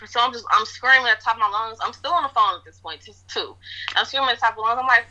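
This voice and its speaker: A woman's voice: on the high side, expressive, fast, pushed and bright. A woman telling a story in a casual interview, rambling with lots of fillers. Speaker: interviewee recounting events. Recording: dull lo-fi audio.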